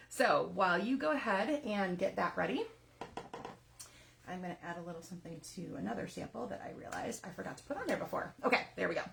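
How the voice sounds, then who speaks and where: Gravelly-voiced woman teaching card making. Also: medium pitch, slight background noise. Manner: chatty, step-by-step, laughs at her own slips. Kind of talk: live crafting tutorial.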